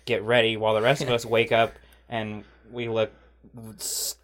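A man's voice: fairly low pitch, level tone, moderate pace. Rambling podcast co-host, a man. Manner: rambling, filler-heavy, swears casually. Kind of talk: casual chat.

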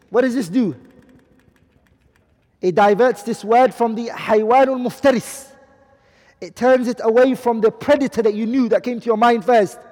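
A man with a high voice teaches a class and checks often that his students are following. He says each Arabic term, then gives its English meaning. The sound carries a long hall reverb. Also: a little mellow. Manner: asks the class questions, repeats and translates Arabic terms. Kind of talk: classroom lecture.

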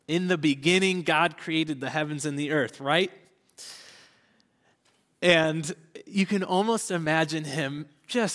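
A man's voice: a little high, in a large hall. Earnest young male pastor preaching. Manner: earnest, drops to soft whispers in personal moments; candid, self-deprecating with light laughs. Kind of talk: sermon.

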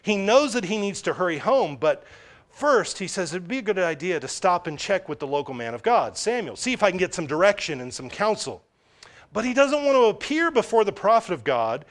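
High-voiced conversational preacher. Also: male voice, fairly quick. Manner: conversational, animated, self-correcting. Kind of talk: sermon.

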